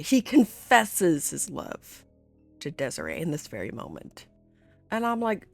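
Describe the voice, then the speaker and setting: A woman's voice: fairly low pitch, huge pitch swings, unhurried, creaky, no room sound, soft background music. A woman vlogger recapping a series in casual, rambling chat, full of filler words. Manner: chatty and rambling, full of "like", with laughs and swearing.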